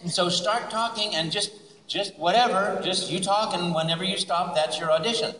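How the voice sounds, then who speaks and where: A man telling an animated story at a convention panel, laughing and acting out voices, recorded in an echoey hall from far off. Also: high voice, normal speed, a little hiss or hum. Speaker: guest speaker.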